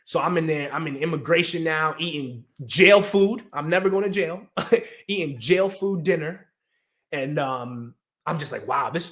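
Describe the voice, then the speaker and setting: A young adult man from the United States in casual storytelling chat, animated, acting out quotes and laughing often. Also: a little high. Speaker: guest storyteller.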